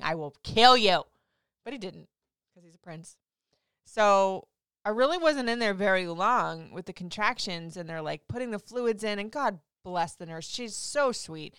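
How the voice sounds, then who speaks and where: A young woman vlogger telling a story in a casual, animated way, swearing freely and laughing often. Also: on the low side, clean tone, no echo, studio quality.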